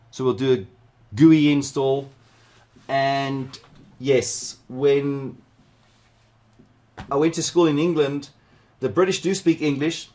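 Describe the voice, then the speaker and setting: A middle-aged man from South Africa leading a live cybersecurity workshop, chatting loosely with viewers and wandering into asides as he teaches. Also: medium pitch. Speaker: cybersecurity instructor.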